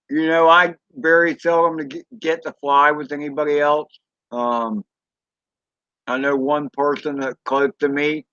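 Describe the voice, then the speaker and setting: A man with a Southern US accent chatting casually on a live stream, rambling and folksy with drawn-out fillers and mild swearing. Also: mid-range voice, pushed and bright, clear, resonant tone, no echo, dull audio. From Southern United States. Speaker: drone channel host reading live chat.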